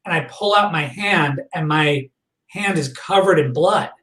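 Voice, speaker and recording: A man guest on a podcast, recounting a personal memory in a halting way, full of fillers and restarts. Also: fairly high pitch, a bit bright. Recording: echoey room, voice far from the mic.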